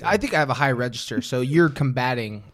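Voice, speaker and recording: A man's voice: mid-range voice, lively intonation, fast, fairly bright tone, no room sound. A man appearing as a guest on a comedy podcast, playful in the banter.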